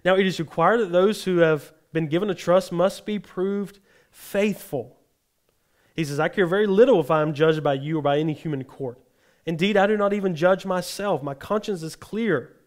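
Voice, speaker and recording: A man with a fairly high voice preaches a sermon. He reads scripture aloud, then explains each passage plainly, lifting his voice to act out the tone of the quoted verses. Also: normal speed. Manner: acts out the tone of the quoted verses, rising in pitch. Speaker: pastor.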